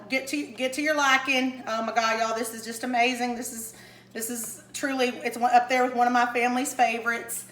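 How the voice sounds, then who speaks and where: A woman's voice: high-pitched, pushed and bright, echoey room, slight background noise, low-quality recording. A woman hosting a casual home cooking demonstration, chatty and enthusiastic, talking to viewers as y'all. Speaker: home cooking show host. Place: home kitchen.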